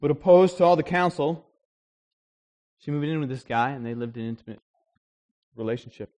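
A man preaching a sermon in an animated way, acting out the voices he quotes. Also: fairly high pitch, normal speed. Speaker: pastor.

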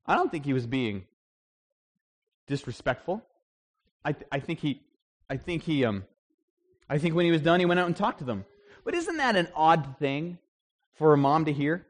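A man preaching a sermon in an animated way, acting out the voices he quotes. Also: a little high, moderate pace, pauses often. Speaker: pastor.

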